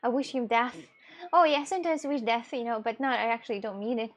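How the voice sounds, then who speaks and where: A woman's voice: a little high, fast. Blunt young woman. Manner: blunt, rambling, laughs often. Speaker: streamer. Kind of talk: casual live-stream chat, reading chat aloud.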